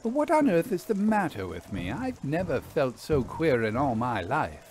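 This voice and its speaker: A man voicing a shaken English gentleman who exclaims aloud in a storybook reading. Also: fairly high pitch, wildly swooping pitch, normal speed. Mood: uneasy.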